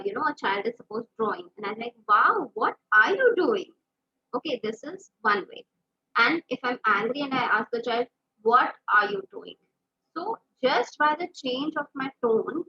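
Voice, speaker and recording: A woman speech therapist with an Indian English accent explains a speech disorder, offering examples and using frequent fillers. Her voice is on the high side and slightly rough, and the audio sounds dull.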